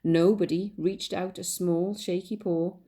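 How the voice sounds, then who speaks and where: A woman teacher reading a picture book aloud to children, pausing to point out the pictures. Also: on the low side, fairly even intonation. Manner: gentle, asks children to look at pictures. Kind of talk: storybook read-aloud for children.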